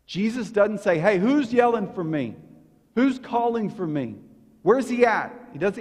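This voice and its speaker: A male pastor delivers his sermon in a notably high voice that rings through a church with a long, lingering reverb. He tells the story with animated energy and voices the crowd's lines. At other moments he drops to a hushed, intense tone. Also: a little slow. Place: church sanctuary.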